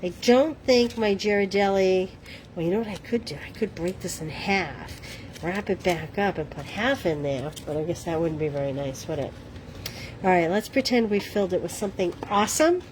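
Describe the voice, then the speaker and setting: A woman's voice: fairly low pitch, moderate pace, background noise. Boston lady doing a live craft demo, chatty and a bit self-deprecating, talks to the chat as she works. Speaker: craft livestream host.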